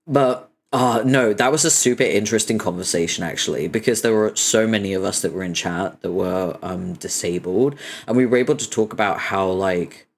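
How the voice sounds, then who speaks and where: A young man chatting casually on his stream, swearing freely and breaking into frequent laughter while telling stories. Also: normal speed. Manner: animated storytelling, laughter rising high in pitch.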